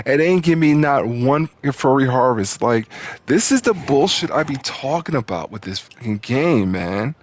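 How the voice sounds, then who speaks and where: Frustrated with how his game is going, a man on a gaming channel swears and keeps going back over the same complaints. He has an expressive mid-range voice and talks at a normal speed.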